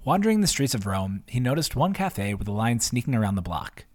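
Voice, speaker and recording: A man's voice: medium pitch, big pitch swings, a little fast. A man reading his own newsletter post aloud as scripted narration, in a chatty way with wry asides. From half Italian.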